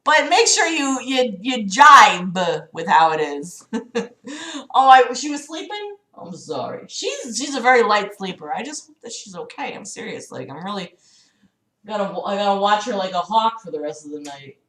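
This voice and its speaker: A woman's voice: mid-range voice, very animated, normal speed, sharp tone. A young woman livestreaming, reading a novel aloud and breaking off into sarcastic, swearing commentary. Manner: sarcastic, swearing, exasperated asides. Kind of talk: casual read-aloud with commentary. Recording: roomy echo.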